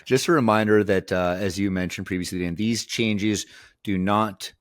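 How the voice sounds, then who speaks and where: A man co-hosting a podcast in casual discussion, relaxed and joking, often opening with "yeah, I mean". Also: fairly low pitch, moderate pace, smooth, dry recording, clean studio sound. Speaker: podcast co-host.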